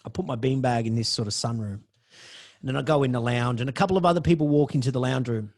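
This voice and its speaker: A man's voice: mid-range voice, fast talker, darkish tone. A man, a podcast host telling a personal story in a dramatic way and swearing freely.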